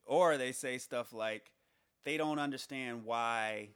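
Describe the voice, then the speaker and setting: A man's voice: medium pitch, fairly bright tone, clear, resonant tone, no echo. Man musing aloud, dry close sound. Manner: rhetorical, questioning, halting restarts. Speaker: commentator on society. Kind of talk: casual spoken monologue.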